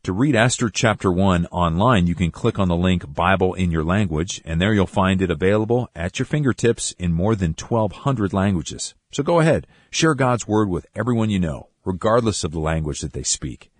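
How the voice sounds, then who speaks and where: A man's voice: low-pitched, lively intonation, moderate pace, hardly any pauses, dry recording. A man hosting a radio Bible program, reading scripted announcements in an encouraging way.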